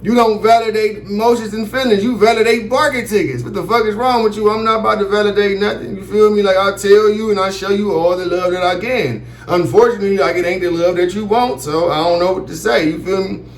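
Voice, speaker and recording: High-voiced man venting a story, profane. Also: fairly even intonation, fast, few pauses, echoey room. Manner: loose, profane, keeps asking "you feel me". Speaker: comedic storyteller. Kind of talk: casual storytelling vent.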